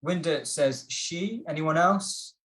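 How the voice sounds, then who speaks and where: A man's voice: on the high side, slow, fairly bright tone, reverberant. A man teaching an online workshop, encouraging, repeating his instructions with frequent ums.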